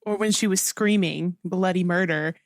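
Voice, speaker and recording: Low-voiced woman discussing a film. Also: normal speed, dry recording, studio quality. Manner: thoughtful, reasons from the characters' view, fillers like "like". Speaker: podcast co-host. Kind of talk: casual movie review chat.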